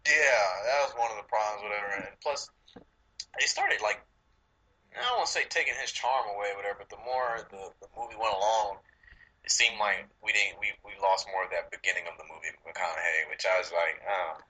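Husky-voiced man, swearing and laughing. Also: fairly low pitch, brisk, pushed and bright, poor audio. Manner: laughing, profane, rambling. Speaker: podcast co-host. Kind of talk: casual chat.

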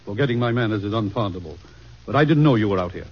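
A hawkish stiff-necked statesman, husky, old radio drama, dull lo-fi. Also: fairly low pitch, expressive, racing. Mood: indignant. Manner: stiffly formal, fiery when roused. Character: proud, hawkish male statesman, forceful. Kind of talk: 1940s radio acting.

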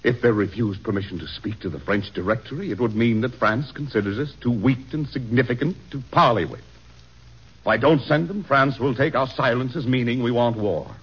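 An actor playing a middle-aged president, weary and full of doubt, with brooding, sighing delivery in 1940s radio style. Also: male voice, mid-range voice, fairly quick, husky, close to an everyday voice. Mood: troubled. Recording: dull old radio recording.

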